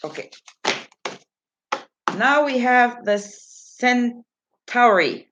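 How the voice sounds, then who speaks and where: Slow, giggly woman chatting on a livestream. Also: mid-range voice, lively intonation, dull audio. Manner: giggly, rambling, self-mocking; breaks off to read and answer chat messages. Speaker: livestream host. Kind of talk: casual livestream chat answering viewers.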